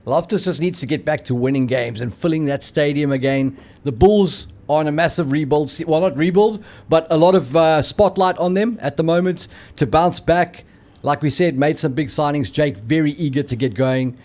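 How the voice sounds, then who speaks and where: A man's voice: on the high side, normal speed, a little mellow. A man from South Africa with a South African accent, co-hosting a rugby show in upbeat, bantering casual chat.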